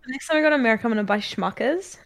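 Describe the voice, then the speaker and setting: A woman's voice: on the high side, animated, very fast. Chatty young woman with a New Zealand accent. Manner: chatty, playful, mimics accents. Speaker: guest streamer. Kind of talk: casual podcast chat.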